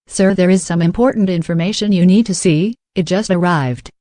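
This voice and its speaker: A synthetic female text-to-speech voice voicing a dutiful middle-aged female aide to an officer in a storybook reading, with a flat delivery. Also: on the low side, normal speed, no echo, clean studio sound, natural voice.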